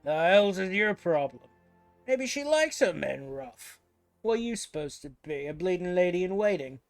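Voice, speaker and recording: A man's voice: sits high, very animated, moderate pace, faint music behind. Man doing a blustering pirate marauder chief. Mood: sneering. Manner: rough blustering pirate-style growl, threatening. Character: swaggering brutish male pirate marauder chief.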